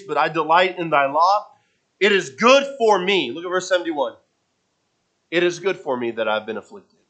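A man preaching a sermon, often repeating and restarting his phrases, and moving between soft low asides and loud bursts. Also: low-quality recording.

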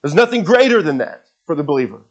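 Emphatic preaching man, fairly high voice. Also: big pitch swings, fast talker, muffled recording. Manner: emphatic preaching, rising and building on repeated words; conversational asides to the congregation. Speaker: pastor. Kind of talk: sermon.

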